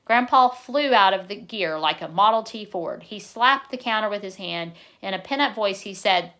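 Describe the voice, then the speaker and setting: A woman narrating a novel in a plain, steady reading voice, now and then correcting her own slips. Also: medium pitch, normal speed, few pauses.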